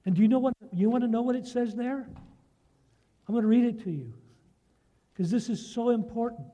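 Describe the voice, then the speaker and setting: A man's voice: very high voice, brisk, warm tone. A man preaching a sermon, telling a prayer story and reading scripture, earnest and often asking his listeners rhetorical questions.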